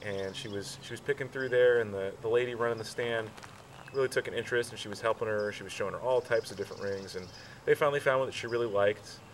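A man slowly recounting how he proposed, with many fillers, restarts and pauses. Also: on the low side, distant mic, slight background noise, poor audio. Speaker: groom telling proposal story. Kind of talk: casual storytelling.

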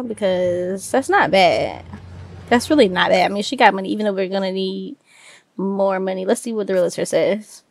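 A woman giving casual, excitable let's-play commentary and talking to her viewers. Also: medium pitch, dry recording. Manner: excitable, chatty, addresses viewers as y'all. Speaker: gaming video host.

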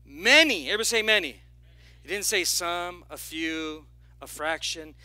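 Man, pastor, sermon, high-pitched, very bright, animated, playful asides. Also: moderate pace, no echo. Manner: animated, call-and-response preaching with playful asides. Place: church sanctuary.

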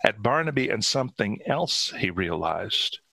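A man reads his own short story aloud in steady, dramatic narration. His voice is low and forceful. The sound is close and dry. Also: unhurried, creaky, dry recording, rough recording. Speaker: author.

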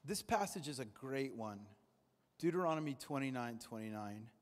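A man preaching in a church sanctuary talks with his congregation conversationally and playfully, acting out quoted voices as he goes. As a pastor, his mid-range voice is animated and moves at normal speed. A long reverb tail follows his words.

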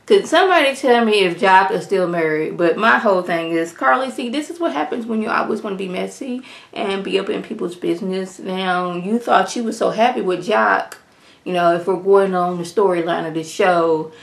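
A woman reviewing a reality show in a casual vlog, talking straight to her viewers in an animated way and mimicking the cast now and then. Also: mid-range voice, normal speed, vocal fry. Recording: roomy echo.

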